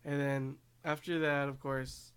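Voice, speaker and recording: A man's voice: medium pitch, flat delivery, measured pace, fairly bright tone, smooth. A man giving a casual, rambling recap of an anime episode, laughing often along the way. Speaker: anime reviewer.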